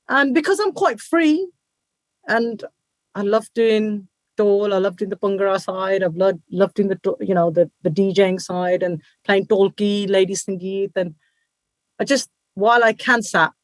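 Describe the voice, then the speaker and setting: Brief: British woman, 40s, lively guest telling stories, dry close mic. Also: mid-range voice, no echo. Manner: energetic, animated, acts out quoted voices. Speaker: guest, dhol player and group founder. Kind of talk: casual interview chat.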